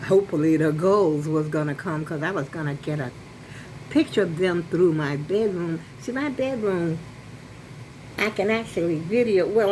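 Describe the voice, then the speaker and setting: Chatty older woman, low voice. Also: darkish tone, slight background noise, rough recording. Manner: rambling, chatty, with many restarts and asides. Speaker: vlogger. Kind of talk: casual storytelling to camera. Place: apartment at home. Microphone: phone on a selfie stick.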